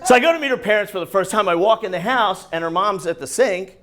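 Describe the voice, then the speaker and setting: A man performing a profane, animated standup comedy set on a club stage. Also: high voice, fast. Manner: animated, profane, loud bursts over crowd laughter. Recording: live club recording with crowd laughter. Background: audience laughing.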